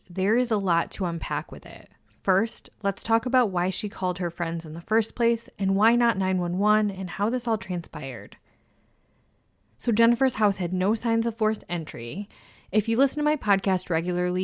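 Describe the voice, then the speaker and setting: A woman hosting a true crime podcast, narrating a case in a measured, somber way. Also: mid-range voice, no echo, studio quality.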